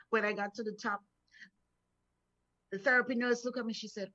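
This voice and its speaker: A woman's voice: a little high, steady tone, moderate pace, long pauses, a bit bright. Encouraging woman minister preaching, lo-fi sound. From Florida, USA. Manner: encouraging, storytelling, repeats words when building up. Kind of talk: devotional sermon. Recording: dull lo-fi sound.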